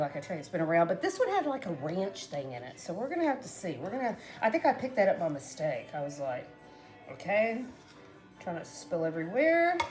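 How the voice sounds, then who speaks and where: A middle-aged woman talks through a recipe in a loose, rambling way, often trailing off and starting over. Her pitch swings widely through each sentence, and her voice sits in an ordinary middle range for a woman. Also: a little mellow. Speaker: cooking vlogger. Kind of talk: casual cooking chat to camera.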